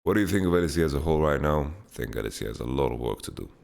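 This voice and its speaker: A man's voice: rumbling low, lively intonation, rapid-fire, gravelly, a little mellow. A man hosting a casual Q&A podcast, answering viewer questions bluntly and laughing them off. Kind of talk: casual chat, Q&A.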